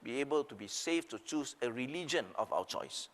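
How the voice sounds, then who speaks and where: A man's voice: medium pitch, lively intonation, normal speed, big-room sound. An older man, giving an emphatic speech as a panelist, rising and falling on rhetorical questions. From Singapore. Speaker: seminar panelist. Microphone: video call.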